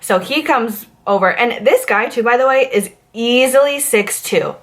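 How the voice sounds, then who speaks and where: A woman's voice: a little high, moderate pace. Chatty woman. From Massachusetts. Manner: chatty and animated, many fillers. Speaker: vlogger, former bartender. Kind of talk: storytime rant.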